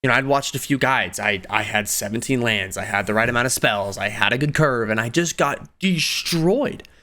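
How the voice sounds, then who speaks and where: A man in his twenties telling personal stories in a casual vlog, animated, laughing often and jumping up in pitch on emphasis. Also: normal speed. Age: 20s. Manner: animated, laughing storyteller with sudden pitch jumps. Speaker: video creator.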